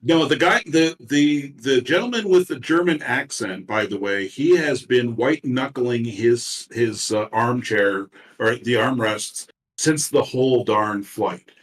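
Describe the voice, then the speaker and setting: A man narrating a tabletop game as game master, talking haltingly with many fillers and restarts. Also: medium pitch. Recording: roomy echo, far from mic.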